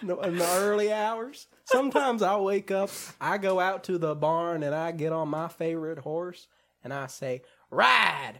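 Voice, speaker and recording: A man's voice: high voice, unhurried, a bit bright. A man voicing a jolly male Southern cowboy with a put-on Southern US accent, drawling out corny folksy sayings. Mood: hammy folksy.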